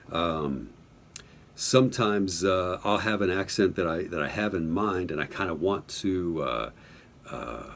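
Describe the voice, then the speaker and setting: Middle-aged guy from new mexico, low raspy voice, chatty and rambly, home studio q&a. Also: darkish tone. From Albuquerque, New Mexico, US. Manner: rambling, self-interrupting, joking. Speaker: audiobook narrator. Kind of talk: casual Q&A answers.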